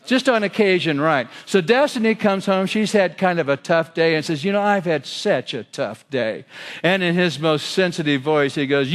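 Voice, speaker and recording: A man's voice: on the high side, expressive, normal speed. Man giving a keynote in an echoing hall. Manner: storytelling with quoted voices and audience questions. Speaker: keynote sales speaker. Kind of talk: keynote speech. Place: large hotel ballroom. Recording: long hall reverb.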